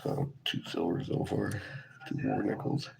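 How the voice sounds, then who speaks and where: A man's voice: sits low, very animated, unhurried, vocal fry, background noise. A man streaming live as he searches coin rolls, mumbling and half-whispering to himself so he won't wake his sleeping kids, while still getting over a cold. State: recovering from a cold. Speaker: coin-roll hunting vlogger. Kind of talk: casual live-stream commentary. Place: home room with sleeping kids.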